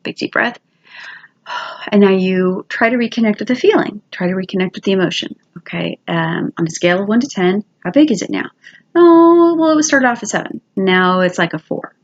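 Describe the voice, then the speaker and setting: A woman giving casual, quick, chatty step-by-step instructions, demonstrating as she goes. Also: mid-range voice, lively intonation, highs cut off.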